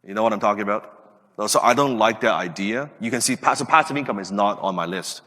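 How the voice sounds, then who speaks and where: A man's voice: on the low side, fast talker, bright, forceful tone. A man in his late thirties gives an emphatic motivational talk as a podcast host, asking his listeners rhetorical questions. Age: late 30s. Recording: reverberant room.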